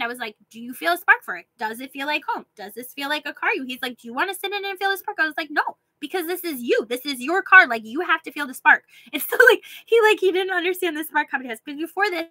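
A woman's voice: high-pitched, pushed and bright, dry recording, poor audio. A woman vlogger telling a long personal story in a casual rant, full of fillers and chatty asides. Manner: chatty, filler-heavy, laughs while telling.

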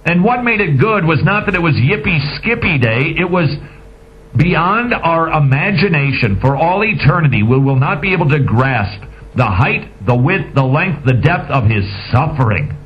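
A man hosting a radio talk show, giving emphatic, sarcastic, preachy commentary on lo-fi audio. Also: a little high. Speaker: radio host.

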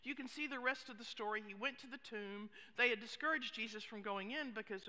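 A woman pastor preaching a sermon, expressive, with hushed asides. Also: a little high, fairly quick. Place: church sanctuary. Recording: long reverb of a church hall.

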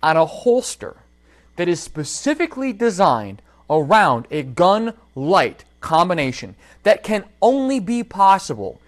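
A man hosting a casual livestream, telling a story from his workshop and talking straight to his viewers. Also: fairly high pitch. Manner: animated storytelling, addresses viewers directly. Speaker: holster maker and livestream host.

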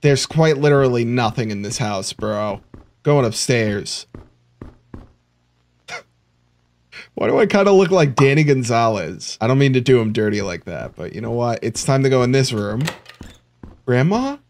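Man, let's play commentary, sarcastic jokes, lively swooping pitch. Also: normal speed, long pauses. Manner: joking, sarcastic. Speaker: gamer.

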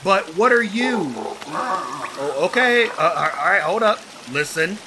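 A man playing a video game and commenting excitedly, talking to himself as he goes. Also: high-pitched, slow pace, over a noisy crowd. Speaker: gaming YouTuber. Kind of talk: let's play commentary.

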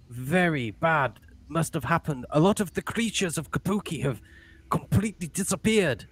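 A man voicing a scared, elderly town elder who pleads anxiously and stammers as he talks. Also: on the high side.

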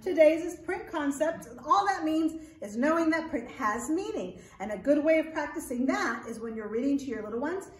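A woman children's librarian leading a storytime, speaking in a gentle, encouraging way. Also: high-pitched, expressive, moderate pace, hardly any pauses. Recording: echoey room, mic at a distance.

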